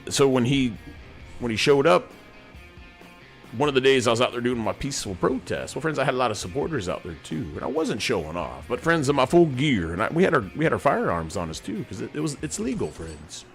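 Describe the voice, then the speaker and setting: A man's voice: mid-range voice, big pitch swings, a little fast, creaky, soft background music. A middle-aged man, hosting a rambling, folksy monologue from his home studio as a sergeant major persona. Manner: folksy, keeps calling the audience "friends".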